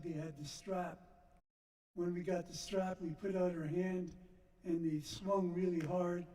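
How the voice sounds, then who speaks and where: An older man slowly recounting a personal story to a church gathering, halting and reflective. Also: high voice, dark tone. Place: church sanctuary. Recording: echoey church from a distance.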